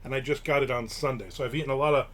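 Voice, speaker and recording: A man's voice: medium pitch, fairly even intonation, very fast. A man from Newark, hosting a live stream and telling rambling, casual stories with offhand swearing. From Newark, New Jersey. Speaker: show host.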